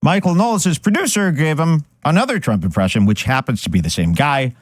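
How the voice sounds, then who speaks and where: A male host talks over video clips in reaction commentary, setting up each one. His pitch moves a lot, and the sound is dry and close. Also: a little fast, no room sound. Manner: lively narration, setting up clips.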